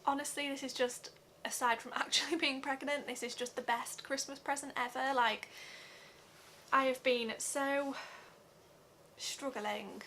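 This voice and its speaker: Bright-voiced young woman vlogging. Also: high-pitched, steady tone, a little hiss or hum. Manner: earnest, halting, many fillers. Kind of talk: personal vlog update.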